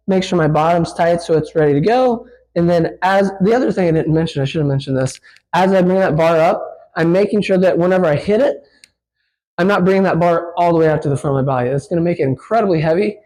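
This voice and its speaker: A man's voice: fairly high pitch, fast talker, darkish tone, low-quality recording. A physical therapist demonstrating a lift in a gym, explaining casually with many fillers and getting out of breath as he works. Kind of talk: instructional demonstration.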